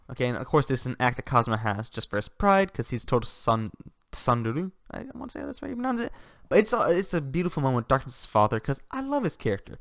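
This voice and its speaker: A man's voice: mid-range voice, sing-song, fast, dry recording, studio quality. A man giving a casual, enthusiastic book review, rambling with restarts and laughter.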